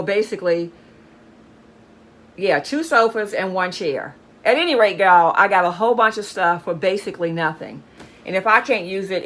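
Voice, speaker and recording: A woman's voice: medium pitch, a bit bright, a little hiss or hum. A woman chatting enthusiastically as she shows off bargain finds, often calling out to her viewers. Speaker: haul vlogger. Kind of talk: casual show-and-tell chat.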